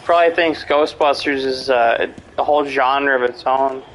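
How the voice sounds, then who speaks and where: A man's voice: mid-range voice, steady tone, moderate pace, a bit bright, slight background noise, low-quality recording. A man in casual chat, rambling and swearing a lot, with many fillers and restarts. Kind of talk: casual chat about horror movies.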